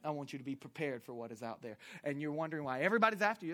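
A male minister with a Southern US accent preaching a sermon, swinging from loud, impassioned preaching to quiet storytelling. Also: a little high, lively intonation, racing, few pauses.

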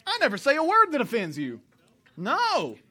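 A pastor preaching to a congregation in church, animated and joking, sometimes shouting. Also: male voice, very high-pitched, moderate pace. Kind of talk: sermon.

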